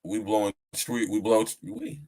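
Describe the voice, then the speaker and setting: A man hosts a relaxed live podcast, chatting straight to his listeners. His talk is loose, slangy and profane, broken up by easy laughter. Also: fairly low pitch, moderate pace, vocal fry, slightly rough, poor audio. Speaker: podcast host. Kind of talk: casual live-stream chat.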